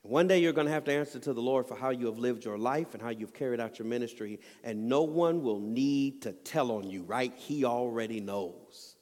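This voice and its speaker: A man's voice: mid-range voice, moderate pace, hardly any pauses, a little mellow. A man preaching a sermon, telling an earnest family story and building to emphatic points. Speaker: pastor. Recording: long hall reverb.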